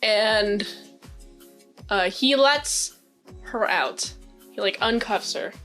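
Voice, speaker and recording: A woman casually recapping and reviewing a TV episode in a rambling, excitable way, full of fillers. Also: mid-range voice, drawn-out words, long pauses. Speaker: TV show reviewer. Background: faint background music.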